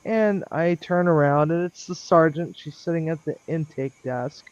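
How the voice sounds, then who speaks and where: A man telling a long work story on a live stream in a rambling, chatty way, with lots of ums and lively quoted dialogue. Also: fairly high pitch, moderate pace, no room sound. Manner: chatty, lots of ums, animated when quoting others. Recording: dull lo-fi dry sound.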